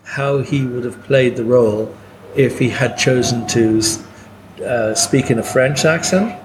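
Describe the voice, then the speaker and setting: A man on a podcast speaking in a measured, hesitant way with many uhs. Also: mid-range voice. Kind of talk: casual podcast chat. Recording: clear background noise.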